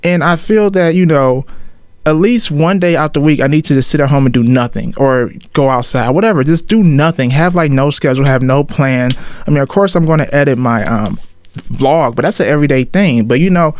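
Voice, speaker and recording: A man's voice: fairly high pitch, brisk, dry recording. A man in his twenties talking casually on his solo podcast, loose and slangy, often calling out to listeners as y'all. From Ohio. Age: 20s. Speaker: podcast host.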